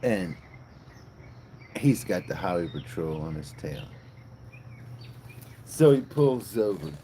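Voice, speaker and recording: A man's voice: low voice, big pitch swings, takes it slowly, mellow, slight background noise. A man hosting a casual livestream, chatting playfully and telling a long joke. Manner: playful storyteller. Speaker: livestream host.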